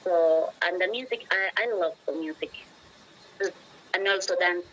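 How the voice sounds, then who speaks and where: A young Peruvian woman with a Peruvian Spanish accent speaks slowly and tentatively, stopping often to find her English words. Her voice sits a little low for a woman. The video-call recording sounds slightly dull, with a faint hiss behind it. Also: fairly bright tone. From Peru. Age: 20s. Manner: hesitant, searching for words, asks for repeats. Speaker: teacher. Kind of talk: casual English practice conversation.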